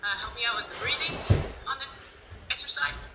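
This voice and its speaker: A woman's voice: sits high, a little fast. A woman, a seminar participant, out of breath and hesitantly asking for help over a video call. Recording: roomy video call with clear background noise.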